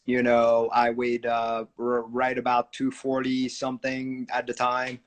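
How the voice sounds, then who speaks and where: A man's voice: medium pitch, flat delivery, slow pace. A man in his forties, a podcast guest telling his story in an easygoing, hesitant way. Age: 40s. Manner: easygoing, hesitant, lots of fillers. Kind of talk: casual interview chat.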